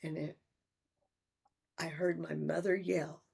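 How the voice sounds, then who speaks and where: An older woman in a personal vlog, talking in a halting, reflective way with sighs and restarts. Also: sits low, vocal fry, husky. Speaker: vlogger.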